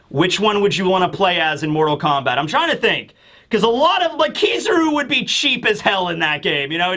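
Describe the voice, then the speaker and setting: Man, comic review host, rambling, enthusiastic, bright high voice. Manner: rambling, enthusiastic, filler-heavy. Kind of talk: casual commentary.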